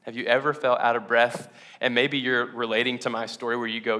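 A man's voice: mid-range voice, flat delivery, a little fast, pushed and bright. A man preaching a casual, conversational sermon to his congregation, laughing often and asking them questions. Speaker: pastor.

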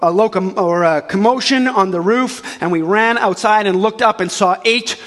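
A man preaching a sermon as a pastor, animated and full of restarts, acting out the voices of the people he quotes. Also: sits high, normal speed, big-room sound. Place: church auditorium.

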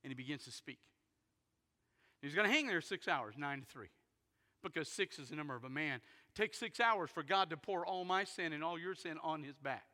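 A man preaching a sermon, retelling a story dramatically and swinging from loud bursts to hushed near-whispers. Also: fairly high pitch, animated, brisk. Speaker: pastor. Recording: long hall reverb in a big sanctuary.

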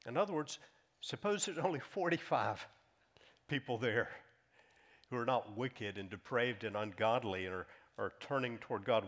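A male preacher with a mid-range voice, working through a scripture passage. He swings widely, climbing high and loud for bold lines, then sinking to a slow, quiet hush to stress a point. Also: lively intonation. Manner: reads scripture aloud, rising in pitch and volume for emphasis; drops to a soft, slow hush on key lines. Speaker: pastor. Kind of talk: sermon.

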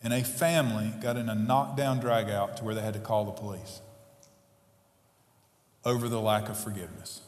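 A man preaching a sermon as pastor, moving from quick asides to impassioned, building emphasis. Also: on the low side, steady tone. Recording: echoey hall, long reverb.

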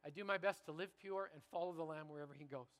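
High, bright-voiced preacher man. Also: fast talker, big-room sound. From Canada. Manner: builds from quiet reflection to loud, rousing repetition. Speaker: pastor. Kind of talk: sermon.

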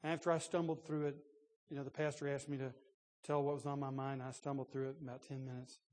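A man's voice: medium pitch, little pitch movement, fast talker, a little mellow. A man in his sixties preaching a sermon, telling a personal story in a conversational way with laughs and restarts. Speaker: pastor. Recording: long reverb in a large room.

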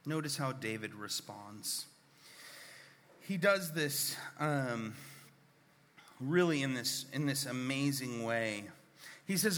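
Male pastor, sermon delivery: slow, earnest, bright forward tone, mid pitch. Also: expressive, big-room sound. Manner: unhurried, earnest, drops to a near whisper when reading scripture.

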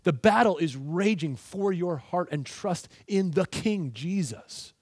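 Man preaching, dry, slightly high voice. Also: expressive, slow, breathy edge, dry recording. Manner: earnest preaching, drops low and soft when quoting God. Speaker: pastor. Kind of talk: sermon.

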